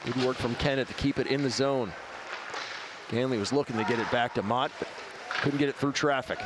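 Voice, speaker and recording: A man's voice: mid-range voice, background noise. Man calling hockey play-by-play. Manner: brisk, clipped play calls. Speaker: play-by-play commentator. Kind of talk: live play-by-play commentary.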